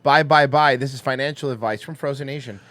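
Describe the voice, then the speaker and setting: A man's voice: mid-range voice, steady tone, a little fast, fairly bright tone, no echo. A man hosting a comedy podcast, chatting loosely and crudely with plenty of jokes. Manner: crude, joking, rambling. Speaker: podcast host. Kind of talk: casual comedy podcast chat.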